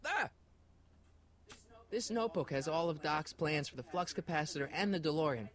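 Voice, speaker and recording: A man voicing a quick-witted teenage boy hero in a video game, casual and wisecracking. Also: a little high, lively intonation, natural voice. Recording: game audio with music behind.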